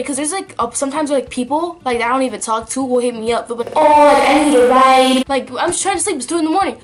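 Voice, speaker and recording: A young woman telling a story to her vlog camera in a chatty, filler-heavy way. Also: high voice. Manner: chatty, lots of likes and ums. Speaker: vlogger. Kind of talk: casual story time.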